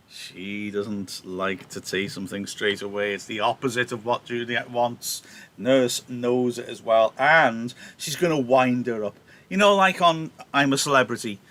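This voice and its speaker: A male teacher with a Welsh accent explaining a play in an animated, chatty way during a live reading. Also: mid-range voice.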